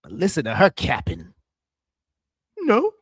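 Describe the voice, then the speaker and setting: Dry, animated man reacting on a live stream. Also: medium pitch, moderate pace, no room sound. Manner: loose, profane and animated, mimicking voices in clips. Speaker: stream commentator.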